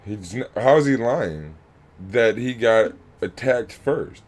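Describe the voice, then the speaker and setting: A man's voice: lowish voice, expressive, takes it slowly, a little mellow. A man, a youth coach, giving heated reaction commentary, emphatic and angry, repeating himself and swearing. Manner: angry and worked up.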